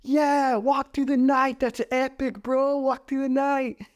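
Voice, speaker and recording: A man mimics a pack of young bros, pumped up and cheering. The voice shoots very high and squeaky. He stretches the words with loud excitement. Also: slow, clear, resonant tone. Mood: hyped. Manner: hyped, squeaky.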